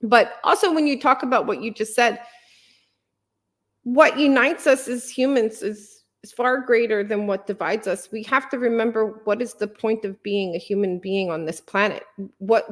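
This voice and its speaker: Earnest woman with a higher voice. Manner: earnest, passionate, many fillers and restarts. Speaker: podcast guest. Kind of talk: conversational interview.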